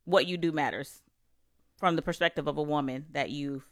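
A woman's voice: low voice, normal speed, no echo, clean studio sound. A woman hosting a casual panel chat, playful and joking with slangy talk. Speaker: host.

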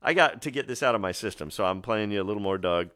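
A low-voiced man DJing a music radio show, chatty and enthusiastic as he tells stories between records. His delivery is loose, with frequent restarts, and the studio mic sound is dry and close. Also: animated, fast, fairly bright tone, no room sound.

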